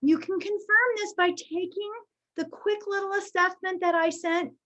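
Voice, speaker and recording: A woman leading an online training session, chatty and lively, checking in with her audience with a frequent "okay?". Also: very high voice, normal speed. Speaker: workshop presenter.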